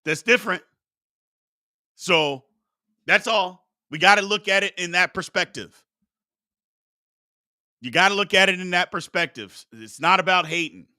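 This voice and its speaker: A man's voice: high-pitched, unhurried, pauses often, sharp tone, no echo, studio quality. A man hosting a sports talk show, arguing heatedly with his chat and preaching about respect. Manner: combative, preachy, exclaims "Lord have mercy".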